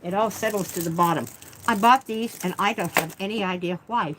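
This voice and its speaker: Amid a noisy background, a woman with a medium-pitched voice talks a little fast as she unboxes art supplies on camera. Her chat wanders with self-deprecating remarks, and she's eating while she speaks.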